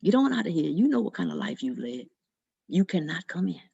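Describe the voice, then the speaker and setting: A woman's voice: fairly low pitch, very animated, fairly quick, creaky, warm tone, slightly rough, no echo, lo-fi sound, pitched below the performer's own voice, full character voice. A woman voicing a stern older male gatekeeper saint, curt and dismissive.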